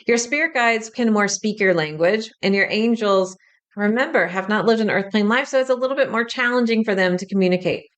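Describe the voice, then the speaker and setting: A woman's voice: mid-range voice, a little fast, clean tone. A woman who works as a spiritual medium, hosting a podcast and explaining her practice in a chatty, frank way with casual swearing.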